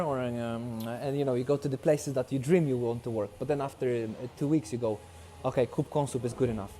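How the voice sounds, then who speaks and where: A man's voice: medium pitch, a little fast. A young man from Poland with a Polish accent, telling his story casually in a documentary interview, acting out dialogue with many restarts. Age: young adult. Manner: animated, acts out dialogue, frequent restarts. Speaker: documentary subject.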